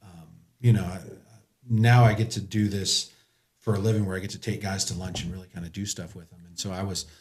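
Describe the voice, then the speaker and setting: Earnest storytelling man, low voice. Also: flat delivery, brisk, darkish tone, echoey room. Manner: earnest, storytelling with quoted dialogue; joking. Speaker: podcast guest. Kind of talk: casual chat.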